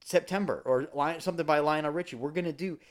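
A man's voice: fairly high pitch, fast talker. A man co-hosting a podcast, chatting casually and telling rambling, playful stories. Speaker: podcast co-host. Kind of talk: casual chat.

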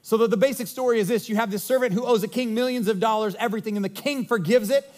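High-voiced, conversational male pastor. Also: quick pace, hardly any pauses. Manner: conversational, animated storytelling with quips. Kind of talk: sermon.

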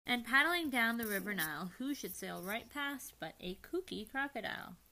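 A woman's voice: a little high, normal speed, low-quality recording. Playful woman reading a picture book. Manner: lively, playful, drops to hushed whispers. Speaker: reader. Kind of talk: storybook read-aloud.

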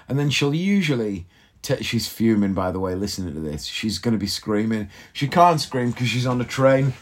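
A man's voice: mid-range voice, lively intonation, moderate pace. A man, likely in his thirties, telling a rambling, self-mocking comic story on his podcast and swearing casually. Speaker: podcast host. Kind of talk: casual comedic monologue.

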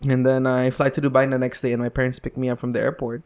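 A man's voice: mid-range voice, level tone, fast talker, darkish tone. Chatty young man telling stories. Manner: chatty, lots of "like" and restarts. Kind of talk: casual storytelling chat.

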